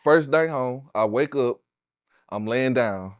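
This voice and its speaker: Man, middle-aged, slangy and animated, dry, dull lo-fi sound. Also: mid-range voice, takes it slowly, no echo. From Houston, Texas. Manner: profane, animated, street slang. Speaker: guest, tattoo artist. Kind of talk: casual storytelling interview.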